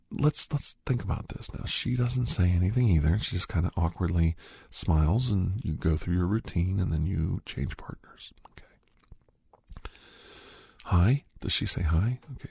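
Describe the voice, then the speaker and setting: A man's voice: deep voice, moderate pace, gravelly, mellow, slightly rough, no echo. A middle-aged man in a whispered role-play as a counselor, giving rambling, coaxing advice in a half-whisper close to the mic.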